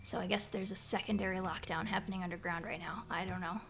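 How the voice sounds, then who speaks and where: A woman voicing a tense, worried mother who speaks in a hushed, hesitant way. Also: medium pitch, fairly even intonation, quick pace, natural voice.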